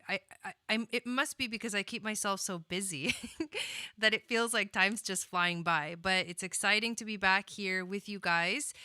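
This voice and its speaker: A woman's voice: medium pitch, bright, forceful tone, clear, resonant tone, dry recording, clean studio sound. A young woman hosting an astrology livestream, chatting in a rambling way, with lots of fillers, restarts and laughter as she greets viewers by name. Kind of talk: casual livestream chat.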